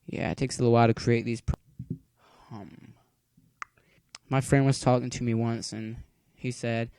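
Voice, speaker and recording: A man's voice: medium pitch, little pitch movement, moderate pace, mellow, clean tone, no room sound. Chatty man giving a coding tutorial. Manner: chatty, cracks corny jokes while waiting. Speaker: tutorial maker. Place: at home.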